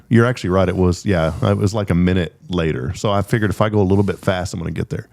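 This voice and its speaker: A middle-aged man hosting a talk show, telling rambling stories in a casual, animated way. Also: low-pitched, fast talker, gravelly, few pauses. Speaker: host. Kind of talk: casual storytelling.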